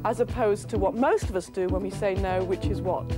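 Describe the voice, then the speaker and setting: A woman's voice: medium pitch, brisk, loud music behind the voice. A woman voice coach leading a workshop on a TV studio stage, coaxing the audience through exercises.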